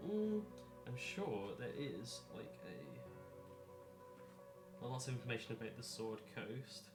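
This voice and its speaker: A man's voice: medium pitch, sing-song, measured pace, over music. A man acting as dungeon master in a casual, rambling chat while preparing a tabletop game. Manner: rambling, self-correcting, chatty. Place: home. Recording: echoey room.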